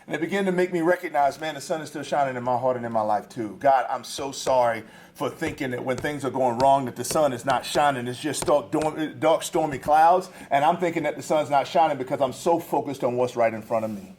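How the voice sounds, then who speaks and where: A man giving a storytelling sermon to college students, casual and slangy, animated as he tells stories from his family life. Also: medium pitch, fairly quick. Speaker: guest speaker at a campus ministry. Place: live talk to students.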